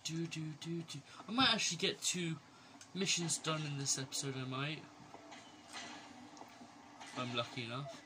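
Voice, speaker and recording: A man's voice: fairly high pitch, fairly even intonation, normal speed, long pauses. A man giving playful, chatty gameplay commentary from his bedroom, breaking into exclamations. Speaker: gaming YouTuber. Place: bedroom at home. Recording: loud background noise.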